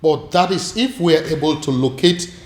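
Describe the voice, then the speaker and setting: A man's voice: fairly high pitch, moderate pace, darkish tone, echoey room, lightly acted. An actor playing a stern king who speaks with authority to his son and his adviser. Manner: authoritative, commanding. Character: stern king, father of a princess.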